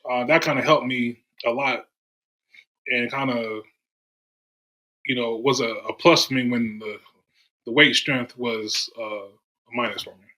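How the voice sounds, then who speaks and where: Bright-voiced man telling sports stories. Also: mid-range voice, unhurried, pauses often, rough recording. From Durham, North Carolina. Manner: animated storyteller, acts out quoted voices. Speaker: podcast guest. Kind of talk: casual storytelling chat.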